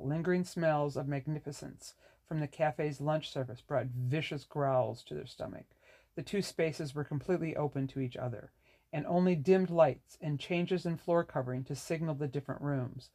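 A reader narrating a novel in a measured, even way. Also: medium pitch. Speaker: audiobook narrator. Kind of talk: scripted narration.

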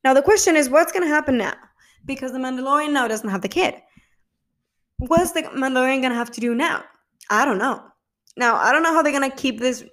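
A woman's voice: high voice, fairly quick, fairly bright tone. A young woman vlogging casually about a TV episode, gushing and emotional, swearing freely and acting out quotes. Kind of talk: casual chat.

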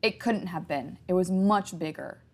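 A woman's voice: lowish voice, moderate pace, a little mellow. A woman voicing a frightened teenage girl who hisses her words tensely, reading a storybook-style horror tale. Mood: scared, insistent. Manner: tense, hissing.

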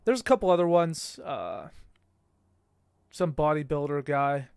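A man's voice: on the high side, measured pace, smooth, no echo. A young man co-hosting a podcast, telling stories in casual chat, swearing freely and laughing often. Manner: profane, animated storyteller, laughs often. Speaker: podcast co-host.

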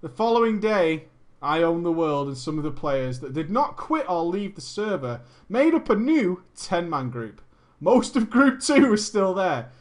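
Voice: mid-range voice, sing-song, unhurried. A person reading a gaming story aloud and mocking it, with sarcastic commentary, frequent laughter and swearing.

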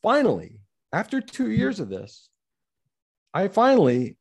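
A man's voice: high voice, wildly swooping pitch, a little slow, vocal fry. A middle-aged man, a business-owner guest, telling a story candidly and bluntly, swearing freely. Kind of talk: conversational storytelling.

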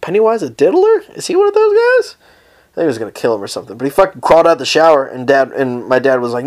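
A man's voice: mid-range voice, wildly swooping pitch, fast talker. A young man hosting a casual solo podcast, rambling through stories with heavy swearing and frequent laughter. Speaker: podcast host.

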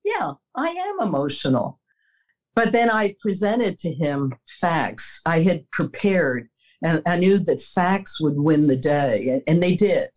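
Older lady guest, earnest storyteller, kinda low voice, laughs a bit. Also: lively intonation, unhurried, a little mellow, low-quality recording. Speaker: interview guest, former executive. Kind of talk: reflective interview answers.

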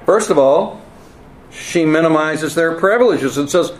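A man preaching a teaching sermon, earnest and emphatic, with wry asides and halting repeats. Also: a little high. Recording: roomy echo, faint ambience.

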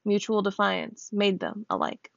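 Woman reading a novel aloud, gravelly. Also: sing-song, unhurried, dry recording. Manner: voices characters with small pitch lifts; stops to check a word's pronunciation and laughs. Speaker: reader. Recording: dull, dry close recording.

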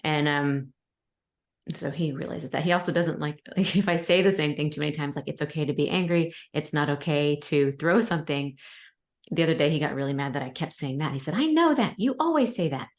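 A woman's voice: low-pitched, fairly even intonation, fairly quick. A woman chatting as a podcast guest, talking casually and laughing often as she acts out family moments. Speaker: guest author.

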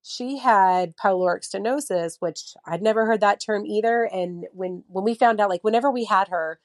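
This thirties woman, the mother of a child with a heart condition, chats through a casual podcast conversation as a story-driven talker. Her medium-pitched voice moves at a moderate pace with a dry, close sound and no echo. She uses many fillers and acts out quotes, giving people little voices.

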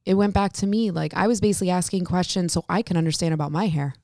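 A Connecticut hairstylist and salon owner tells stories as a guest in a casual interview, acting out the quoted dialogue with lively flair. Her voice is on the low side and fast, recorded in studio quality with no room sound.

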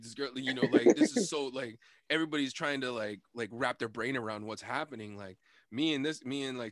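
A man's voice: medium pitch, fairly bright tone, no room sound, clean studio sound. A young man hosting a podcast, telling a story in a casual, rambling, profane way and laughing often. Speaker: podcast host.

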